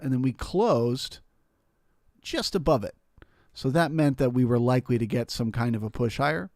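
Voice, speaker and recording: A man's voice: mid-range voice, animated, moderate pace, a little mellow, dry recording, clean studio sound. A man hosting a live trading stream, explaining the market casually with frequent restarts. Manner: explanatory, talks through charts with restarts.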